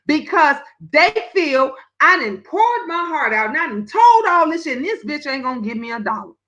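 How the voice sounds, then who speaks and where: Woman host of a live talk stream, high-pitched and bright, blunt and emphatic. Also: moderate pace, poor audio. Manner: blunt, emphatic, profane, animated storytelling.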